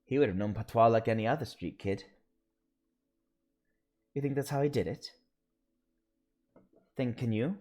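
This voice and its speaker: A man streaming a story game, reading the lines of several characters aloud and slowly sounding out invented words. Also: medium pitch, mellow.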